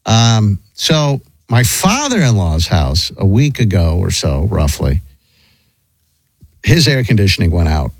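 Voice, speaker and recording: A middle-aged man spins a rambling anecdote in casual chat, restarting his sentences often. His pitch swoops widely as he talks. The sound is dry and close. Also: a little slow, no room sound, poor audio. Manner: rambling, animated, frequent restarts.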